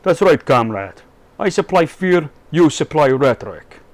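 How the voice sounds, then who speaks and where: A man's voice: fairly high pitch, sing-song, measured pace, dry recording. A man voicing a scheming middle-aged male Russian leader in a put-on Russian accent, speaking broken English with dropped articles.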